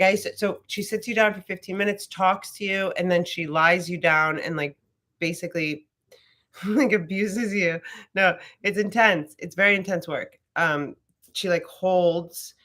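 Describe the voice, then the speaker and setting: A woman's voice: lowish voice, fairly bright tone. A woman teaching a casual live yoga class, chatty and rambling, swearing freely as she talks.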